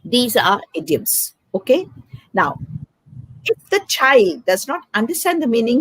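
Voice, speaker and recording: A woman talks like a teacher, spelling out examples one by one. Her voice is fairly high and slightly husky, with a lively melody. The sound is dry and close. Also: measured pace, no echo, poor audio. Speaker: educator. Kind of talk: explaining in an interview.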